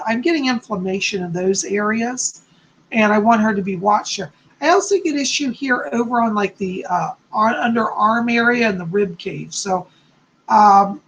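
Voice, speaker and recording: Gravelly-voiced man giving psychic readings. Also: sits high, slight background noise, rough recording. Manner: reads viewer comments aloud, then answers in a gentle, reassuring way. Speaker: psychic host. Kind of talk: live-stream psychic readings.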